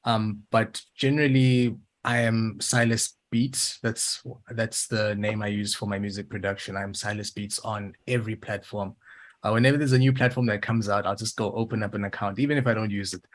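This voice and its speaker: A man's voice: lowish voice, fairly even intonation, fairly quick. A South African man, a voiceover artist, answering interview questions thoughtfully with frequent ums.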